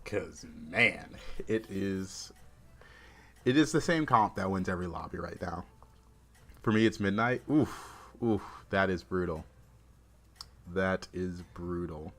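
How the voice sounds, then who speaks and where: A man's voice: low-pitched, lively intonation, takes it slowly, long pauses, a bit bright. A young man casually chatting with his chat while playing and commenting on a card game. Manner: laid-back, chatty, reads and answers chat while playing. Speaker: streamer.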